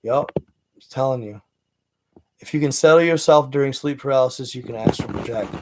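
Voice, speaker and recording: A man's voice: medium pitch, fairly quick, pauses often. A man hosting a casual livestream, rambling through a personal story with lots of fillers and restarts. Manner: rambling, filler-heavy, animated retelling. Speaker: livestream host.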